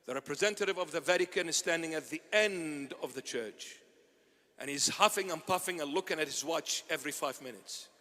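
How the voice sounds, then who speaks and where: A man, a bishop, preaching an impassioned sermon that swings between loud and hushed. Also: a little high, fairly quick. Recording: long hall reverb.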